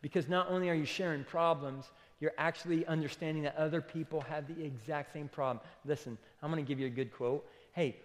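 A man's voice: on the high side, steady tone, a little fast, few pauses. A man preaching a sermon as pastor in a church, conversational and emphatic, often saying "okay" and "listen". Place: church auditorium. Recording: long hall reverb.

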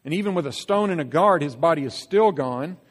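A man preaching a sermon as pastor, emphatic and animated, acting out quoted lines. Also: a little high, a little fast. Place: church sanctuary. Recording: long reverb of a church hall.

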